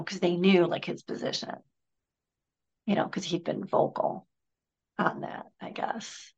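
A woman guest speaker telling a story in an interview, often dropping to a soft whisper. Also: on the low side, steady tone, a little slow, pauses often, highs cut off. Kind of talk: conversational interview.

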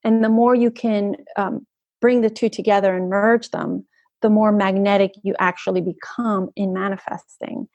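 A woman's voice: mid-range voice, steady tone, moderate pace, a little mellow, no room sound, lo-fi sound. A woman energy coach talking as a guest in an interview, flowing and earnest, often checking in with "right?". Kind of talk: conversational podcast interview.

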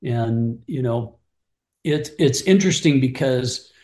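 A man's voice: medium pitch, slow pace, echoey room. A middle-aged man, a ministry leader, earnestly telling mentoring stories in an interview, acting out both sides of past conversations. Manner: earnest, animated retelling of conversations with restarts.

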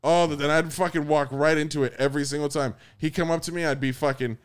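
A man in crude casual banter, telling animated stories and swearing freely. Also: a little high, fast, clear, resonant tone. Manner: animated storyteller, swears freely, acts out quotes.

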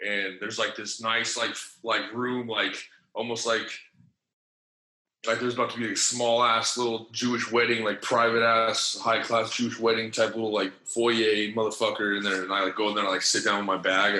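A man's voice: fairly low pitch, bright, forceful tone, reverberant, poor audio. A man telling a long story in casual, slangy, profane speech, full of fillers and acted-out lines of other people. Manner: acts out other people's lines in changed voices.

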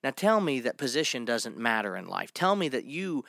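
A man's voice: medium pitch, sing-song, vocal fry, a bit bright, no echo, clean studio sound. Man preaching an emphatic sermon. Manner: emphatic, stretches key words slowly; reads scripture aloud between points.

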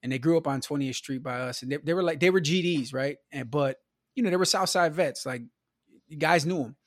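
A man's voice: fairly high pitch, brisk, dry recording, clean studio sound. Man from the Midwest, casual storyteller. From Milwaukee, US Midwest. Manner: loose and conversational, peppers talk with "you know", "man" and "bro". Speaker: podcast guest.

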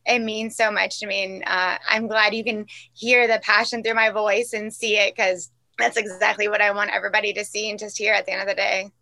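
A woman guest speaking earnestly and haltingly, teary and emotional. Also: medium pitch, flat delivery, vocal fry, sharp tone. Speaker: interview guest. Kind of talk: heartfelt personal talk.

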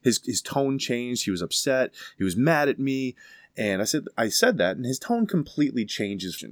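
A man casually telling a story with emphatic, animated delivery. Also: mid-range voice, normal speed, dry recording, clean studio sound.

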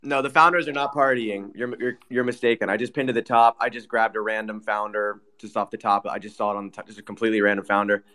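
A man's voice: lowish voice, fairly even intonation, quick pace, few pauses, pushed and bright. A man hosting a casual chat, teasing guests in an ironic way. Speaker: host.

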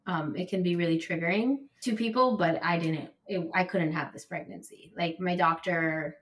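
An American woman with a slightly low voice talks through a personal story in a loose, unscripted way. She leans on "like" and breaks into loud, high bursts when she relives moments of anger. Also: normal speed. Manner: emotional, heavy use of "like", bursts of raised voice when retelling anger. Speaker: podcast guest. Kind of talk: candid conversational storytelling.

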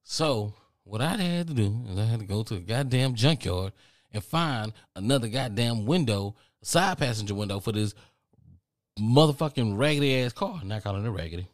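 Man, podcast host, casual storytelling, profane, rambling, fairly low voice, dry sound. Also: moderate pace, no room sound. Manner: profane, rambling, animated retelling.

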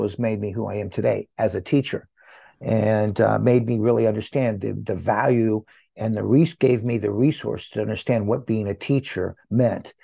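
An older man with a deeply gravelly, husky voice tells his story as an interview guest. His tone is mellow and dark, and he acts out the dialogue as he goes. The sound is dry and close. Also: no echo. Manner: animated storyteller who acts out quoted dialogue. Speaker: guest, hair educator.

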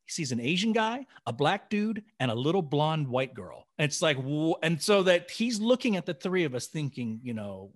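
A man co-hosting a podcast, telling a story in a casual, animated way, acting out dialogue and laughing along. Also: a little high, normal speed, hardly any pauses. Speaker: podcast co-host.

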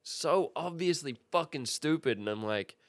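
A man in casual podcast chat, telling stories quickly and animatedly, swearing freely. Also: fairly high pitch, no room sound. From Australia. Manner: fast, profane, animated storytelling. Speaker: podcast guest, skateboarder.

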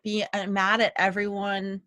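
A woman's voice: mid-range voice, completely flat delivery, a little slow, pushed and bright, dry recording. A young woman hosting a casual podcast chat, rambling and self-deprecating with hesitant, searching phrasing. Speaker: podcast host.

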